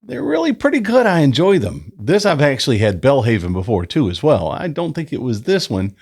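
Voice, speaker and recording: At home indoors in summer, a man with a brisk, gravelly voice and a breathy edge hosts a casual beer review on his new desk microphone. He's chatty and relaxed with a lively pitch, and reads out a history segment.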